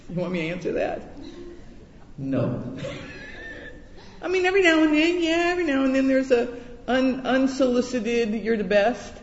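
A man's voice: extremely high pitch, animated, moderate pace. A man preaching a conversational sermon, chatty and self-deprecating, often restarting his words. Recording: echoey hall, dull muffled sound.

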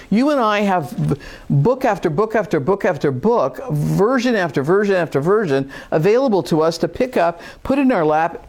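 A man's voice: high-pitched, a little mellow. A man teaching a conversational Bible lesson, informal and emphatic, repeating points for stress. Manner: acts out a whiny skeptic voice at times.

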